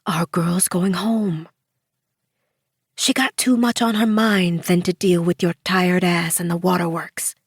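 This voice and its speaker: A woman's voice: lowish voice, steady tone, measured pace, dry recording, studio quality. A woman voicing a tough, motherly older inmate. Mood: gentle coaxing. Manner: soft, gruff, coaxing.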